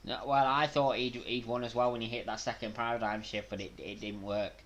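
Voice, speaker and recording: A man from Manchester with a Mancunian accent, hosting a live watch-along stream, reacting with loud gasps and chatting casually with viewers. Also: mid-range voice, fairly quick, muffled recording. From Manchester, England. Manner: excitable, bursts into loud gasps during big moves, casual with chat.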